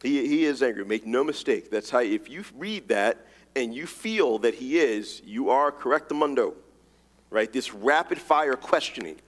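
A man's voice: mid-range voice, big-room sound. A man preaching a sermon, emphatic and casual, reading scripture and telling a story. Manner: animated, rapid-fire emphatic delivery, casual slang.

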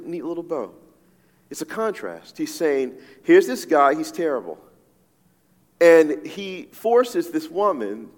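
A man preaching a sermon as a pastor, talking conversationally with frequent asides and repeated "right?" checks to his listeners. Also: a little high. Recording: long reverb of a large hall.

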